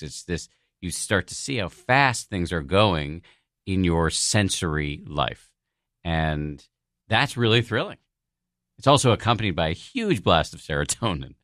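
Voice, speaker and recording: A man's voice: low voice, a bit bright, no echo, clean studio sound. A man guesting on a podcast, telling a personal story in a candid, self-deprecating way with the odd swear word. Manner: frank and profane, self-deprecating.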